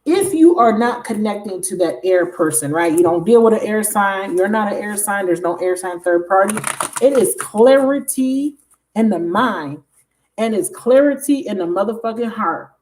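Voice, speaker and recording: Woman tarot reader, casual to camera, excitable and foul-mouthed, speaking in a mid-range voice. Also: medium pitch, normal speed, slight background noise. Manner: excitable, emphatic, swears freely, addresses viewers directly.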